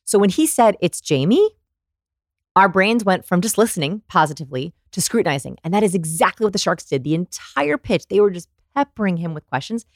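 A woman guest on a podcast, explaining research in an animated, storytelling way and acting out examples. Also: mid-range voice, fast talker, few pauses, dry recording, studio quality. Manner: animated storyteller, demonstrates voices. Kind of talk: conversational explaining.

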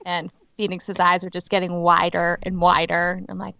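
A woman co-hosting a casual podcast, talking in a lively, expressive way and laughing easily. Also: lowish voice, normal speed, vocal fry, hardly any pauses, dry recording, lo-fi sound. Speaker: podcast co-host. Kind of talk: casual chat.

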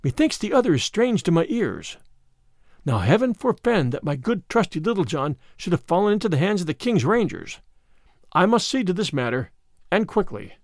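A man's voice: sits high, sing-song, normal speed, dry recording, studio quality. A man voicing a loyal outlaw leader muttering anxiously to himself in old-fashioned speech. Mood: worried.

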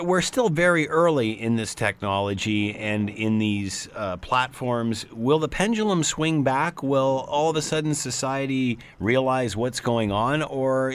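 A man's voice: mid-range voice, moderate pace, few pauses, a little hiss or hum. A male host in a casual interview, talking in a conversational way with stumbling restarts.

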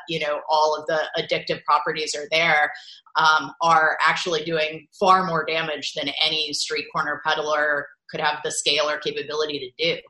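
A woman speaking earnestly and in a measured way in a clip promoting another podcast. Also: low-pitched, bright, forceful tone. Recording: roomy, echoey sound.

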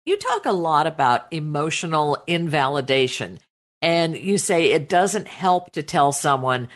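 A woman's voice: low-pitched, sing-song, a little slow. A woman interviewing a guest and asking direct, inquisitive questions.

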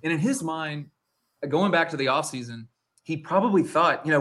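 Co-hosting a laid-back sports podcast, this man rambles, leans heavily on "like," and keeps breaking off mid-sentence to start over. He speaks at a moderate pace with a fairly high, expressive, slightly bright voice.

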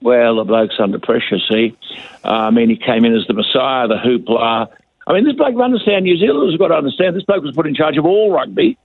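A man's voice: medium pitch, lively intonation, fast talker, husky, no room sound. An older man giving blunt, scathing radio commentary as a guest, heard over a phone line. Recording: dry tinny phone line.

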